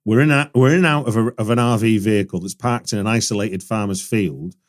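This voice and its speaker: Chatty podcast host, lowish voice. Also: male voice, quick pace. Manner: chatty, jokey interviewer asking follow-up questions. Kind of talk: casual podcast interview.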